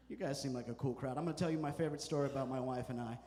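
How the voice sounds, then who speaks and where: A man doing a stand-up comedy set on a club stage, telling stories with deadpan punchlines. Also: mid-range voice, very fast, in a large hall. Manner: deadpan storytelling with punchy asides.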